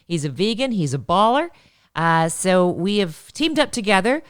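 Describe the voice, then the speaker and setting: A woman's voice: mid-range voice, sing-song, normal speed, smooth, dry recording, clean studio sound. Giggly woman hosting a comedy chat. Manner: jokey, laughs often mid-sentence. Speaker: podcast co-host.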